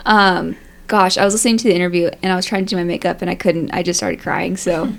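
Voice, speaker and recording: A woman's voice: on the low side, steady tone, fast talker, creaky. A young woman on a faith podcast panel, telling a heartfelt personal story in a chatty way, full of fillers and "like"s. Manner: chatty, many fillers and likes, emotional.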